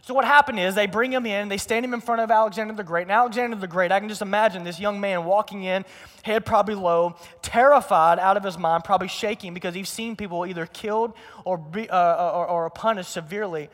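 Male pastor, young adult, sermon, lively storytelling, high voice, long hall reverb. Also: fast talker. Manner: energetic storytelling with acted quotes.

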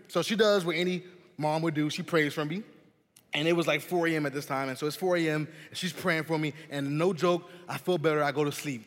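A young man giving a youth sermon, telling a personal story in an animated, chatty way and often saying "man" and "listen". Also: a little high, a little fast. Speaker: youth pastor. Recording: long hall reverb.

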